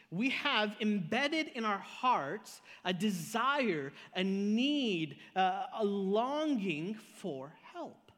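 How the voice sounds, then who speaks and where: Pastor delivering a live sermon, very high-pitched man's voice, animated storyteller, long church-hall reverb. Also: very slow, few pauses. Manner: animated storytelling with repeated words and big pitch swings. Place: church auditorium.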